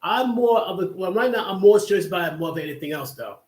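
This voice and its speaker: A man's voice: sits high, animated, fast talker, a little mellow. A man hosting a livestream, telling a long casual story that rambles with many restarts and asides. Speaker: livestream host. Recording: echoey room.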